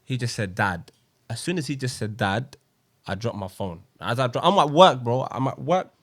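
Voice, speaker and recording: A man's voice: medium pitch, lively intonation, moderate pace, a bit bright. A young man, a podcast co-host sharing a personal story in earnest, slang-filled casual chat. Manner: earnest, slang-filled, says wallahi often.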